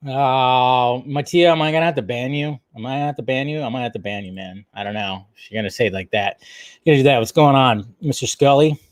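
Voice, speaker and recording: A man's voice: mid-range voice, fast, dry recording, clean studio sound. Chatty man hosting a live stream. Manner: chatty, greets viewers by name, jokey asides. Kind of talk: casual live stream chat.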